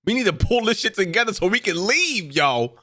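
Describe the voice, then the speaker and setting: A man's voice: high voice, very animated, a little fast, sharp tone. A man hosting a reaction video, talking casually and often breaking into exclamations. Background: show audio playing.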